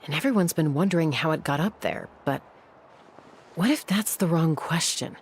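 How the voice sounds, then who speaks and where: An actress voicing a calm, reflective young adventurer in a game. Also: female voice, low voice, normal speed, a little hiss or hum.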